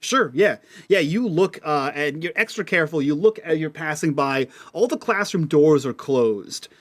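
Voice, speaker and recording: A man narrating a tabletop role-playing game as game master, in a relaxed way with many fillers. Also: fairly high pitch, normal speed. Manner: relaxed, lots of ums and likes.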